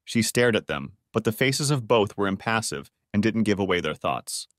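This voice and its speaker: A man's voice: fairly low pitch, normal speed, no echo, studio quality. A man reading a story audiobook aloud as the narrator. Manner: expressive storytelling. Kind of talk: scripted narration.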